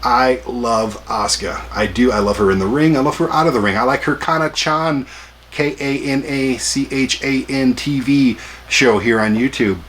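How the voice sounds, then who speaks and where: A man's voice: mid-range voice, steady tone, normal speed, fairly bright tone, slight background noise. A man in his forties hosting a collecting vlog, chatty and jokey with self-deprecating asides. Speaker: collector vlogger. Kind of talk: casual rambling vlog.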